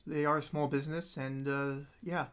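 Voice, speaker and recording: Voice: medium pitch, little pitch movement, brisk, a bit bright, clean tone. A musician chatting casually on their own livestream, rambling with many ums and frequent laughs.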